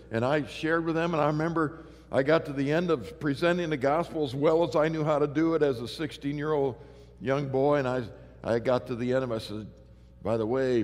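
Man, middle-aged pastor, lively storytelling sermon, fillers and restarts, long reverb of a big church hall. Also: mid-range voice.

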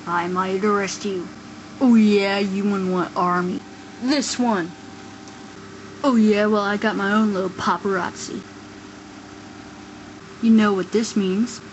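A woman's voice: mid-range voice, steady tone, takes it slowly, pauses often, slight background noise, poor audio. A woman voicing all the figures of a homemade toy war story, switching playfully between characters. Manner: playful, voices many toy figures in turn. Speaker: amateur stop-motion voice performer. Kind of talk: kid-style toy play acting.

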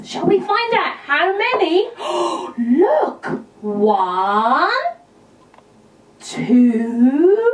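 A woman hosting a children's puppet show, exclamatory and sing-song. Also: high voice. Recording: roomy, from a distance.

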